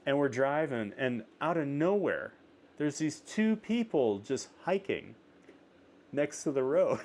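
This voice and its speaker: A man hosting a casual interview, telling a travel story with lots of "like" fillers and rising excitement. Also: fairly high pitch. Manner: animated storyteller, many "like" fillers. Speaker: podcast host.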